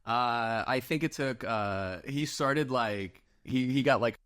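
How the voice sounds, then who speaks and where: A man who is a comedian and author, telling stories as a podcast guest in a dry, deadpan way. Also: mid-range voice, slow, clean tone. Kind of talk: casual interview chat.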